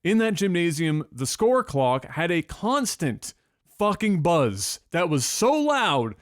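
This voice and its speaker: A young man telling a story on a podcast in a casual, profane, animated way. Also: high voice, takes it slowly, no echo, clean studio sound. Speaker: podcast co-host.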